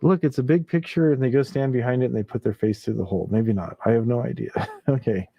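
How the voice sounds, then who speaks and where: A man's voice: mid-range voice, fast talker, creaky, no echo, lo-fi sound. A man hosting a casual late-night livestream, chuckling often and reading viewer comments aloud. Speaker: livestream host.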